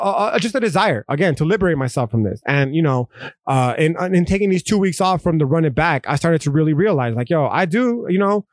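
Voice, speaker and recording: A man's voice: on the high side, no echo, clean studio sound. Profane, rambling man podcasting. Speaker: podcast host. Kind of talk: casual podcast monologue.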